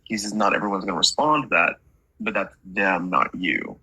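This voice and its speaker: A man's voice: low-pitched, normal speed, bright, forceful tone, slightly rough, no echo, dull audio. A man working as a medium, relaying messages in a chatty reading and stringing quotes together with "he's like".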